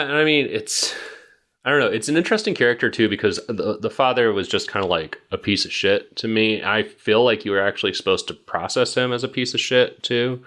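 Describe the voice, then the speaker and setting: A man's voice: low-pitched, vocal fry, sharp tone. A man co-hosting a podcast, giving blunt, opinionated takes. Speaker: podcast co-host. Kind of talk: casual podcast chat.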